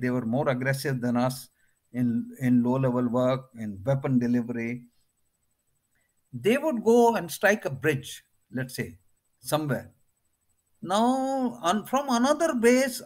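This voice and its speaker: Animated older Indian man telling stories. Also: a little high. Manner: animated, acts out others' lines in his stories. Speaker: interview guest, retired air force officer. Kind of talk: anecdotal interview storytelling.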